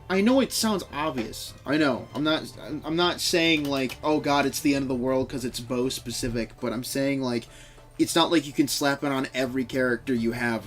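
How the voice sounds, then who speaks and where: A game streamer chatting casually on a live stream, rambling and swearing while answering chat, often breaking into laughter. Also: mid-range voice. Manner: frequent laughter.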